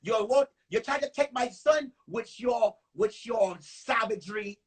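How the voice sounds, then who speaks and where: A frantic, churchy mother who yells and calls on God , as a man puts her on. Her voice is pitched very high and husky, and she shouts in short bursts. It is stand-up comedy. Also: measured pace, heavily acted. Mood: indignant. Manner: shouting, panicked, praying aloud. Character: frantic, religious middle-aged mother.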